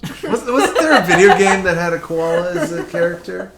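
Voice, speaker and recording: A man's voice: high voice, lively intonation, moderate pace, a loud crowd. Podcast host, a man reading out odd news with jokes, roomy echo. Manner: reads news headlines aloud and jokes about them. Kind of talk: casual podcast chat.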